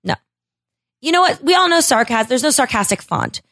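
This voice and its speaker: A woman's voice: sits high, very animated, a little fast, gravelly, fairly bright tone. A woman hosting a casual podcast, blunt, profane and sarcastic as she mocks what she reads. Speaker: podcast host.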